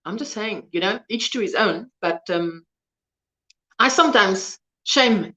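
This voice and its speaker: Her voice is medium-pitched, pushed and bright, with lively intonation and an unhurried delivery. The South African crochet streamer, whose first language is Afrikaans, reads viewer comments in a chatty, rambling way and loses words mid-sentence.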